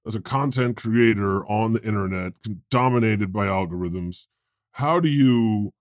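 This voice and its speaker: A man's voice: lowish voice, moderate pace, dry recording, studio quality, lightly acted. A man playing God as a laid-back, crude-talking podcast co-host in improvised comedy banter. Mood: chatty. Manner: casual, swears freely.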